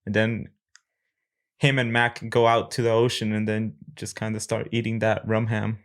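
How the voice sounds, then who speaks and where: A man chatting on a casual podcast in an easygoing, agreeable way. He tells stories in a relaxed tone and often chimes in with short agreements. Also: fairly low pitch, moderate pace. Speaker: podcast co-host. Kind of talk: casual chat.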